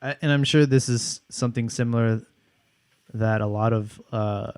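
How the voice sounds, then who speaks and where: A man's voice: mid-range voice, steady tone, normal speed, a little mellow, smooth, no room sound. Laid back young us guy co-hosting a podcast, restarts a lot, dry close mic. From United States. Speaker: podcast co-host. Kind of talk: casual chat.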